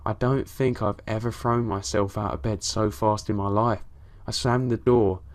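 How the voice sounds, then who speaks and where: Low-voiced man narrating a horror story. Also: moderate pace. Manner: low-key, steady storytelling with casual swearing.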